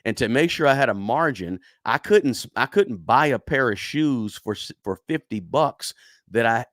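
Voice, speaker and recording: A man's voice: medium pitch, no echo, clean studio sound. A man hosting a finance livestream, talking casually, reading the chat and often checking in with "right?". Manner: conversational, tags lines with "right?", many restarts. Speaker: finance channel host.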